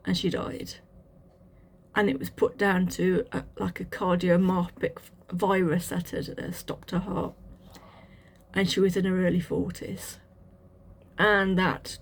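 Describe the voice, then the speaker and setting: A woman telling her personal testimony in a halting, reflective way, with restarts and fillers. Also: mid-range voice. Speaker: channel host sharing a testimony.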